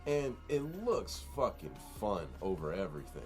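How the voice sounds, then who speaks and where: A man's voice: low voice, very animated, moderate pace, darkish tone, faint music behind. A man co-hosting a podcast, talking in a laid-back, jokey way and explaining with lots of "like.". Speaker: podcast co-host. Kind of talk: casual chat.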